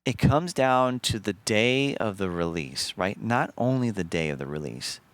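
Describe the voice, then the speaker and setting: A man streaming, telling a story casually to his chat in an animated, profane way, acting out the lines he quotes. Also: on the low side, unhurried, dry recording.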